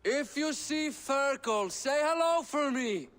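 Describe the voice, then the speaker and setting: A man's voice: lively intonation, slow pace, a bit bright, long reverb tail, heavily acted. An actor playing a jovial, hard-drinking Irish king who teases and laughs as he talks, in video game dialogue. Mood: teasing. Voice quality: booming, laughing, teasing.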